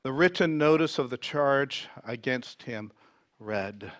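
A male preacher reads scripture in a slow, deliberate sermon. His voice is lively and full of movement, rising to loud emphasis and sinking to near whispers. The sound is dry and close. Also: medium pitch, no echo. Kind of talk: sermon with dramatic scripture reading.

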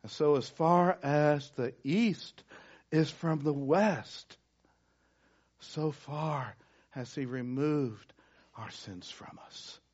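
Male preacher, husky tone, animated pitch, dull lo-fi recording; sermon with dramatic hushed drops. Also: extremely slow. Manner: dramatic shifts from loud emphasis to hushed near-whisper. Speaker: pastor. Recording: dull lo-fi sound.

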